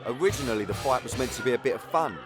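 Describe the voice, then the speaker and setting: A man's voice: medium pitch, very fast. A man with a Cockney accent giving scripted first-person documentary voice-over in a conversational way. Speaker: documentary narrator. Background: guitar music bed.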